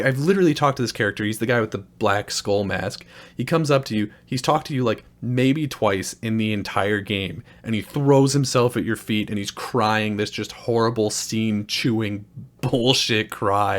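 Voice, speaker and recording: A man's voice: fairly low pitch, normal speed. A young man hosting a gaming video, giving a sarcastic, profane, exasperated rant review. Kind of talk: ranting game review.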